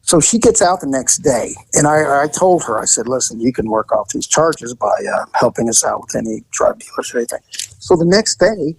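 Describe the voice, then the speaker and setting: Animated storytelling man, dry close sound. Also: fairly quick, slightly rough, no room sound, rough recording. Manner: animated, jumps into high-pitched voices when quoting people. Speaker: retired police detective telling stories. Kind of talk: casual storytelling.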